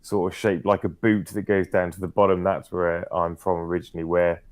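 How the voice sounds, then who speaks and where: Deep-voiced Cornish man, relaxed. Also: a little fast, no room sound. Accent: Cornish English. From Cornwall, England. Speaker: guest, veteran UK police officer. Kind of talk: casual interview chat.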